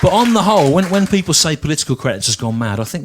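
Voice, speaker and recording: A man in his forties from the English Midlands, performing stand-up comedy in a dry, deliberate way with frequent repetition. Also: fairly high pitch, animated, a faint crowd, a little hiss or hum. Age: 40s.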